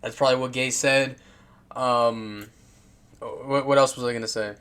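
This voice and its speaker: A man's voice: mid-range voice, steady tone, unhurried, fairly bright tone, clear, resonant tone. A man casually commenting on football clips, rambling and swearing, with lots of fillers, restarts and laughs.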